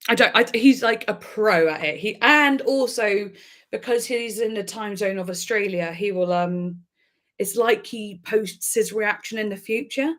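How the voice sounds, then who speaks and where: A woman's voice: medium pitch, a little slow, fairly bright tone. A woman, a music reaction YouTuber, chatting casually and rambling on a livestream, laughing often.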